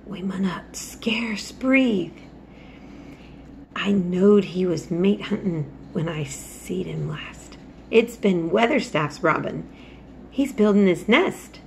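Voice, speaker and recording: A woman voicing a gentle, patient country boy who speaks softly in Yorkshire dialect. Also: on the low side, slow, vocal fry, a little hiss or hum. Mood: hushed. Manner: hushed, soft-spoken.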